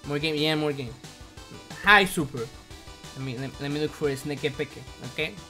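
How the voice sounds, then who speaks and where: A man chatting casually on a live stream as an animator, halting with many restarts and repeated words. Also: a little high, sharp tone, soft background music.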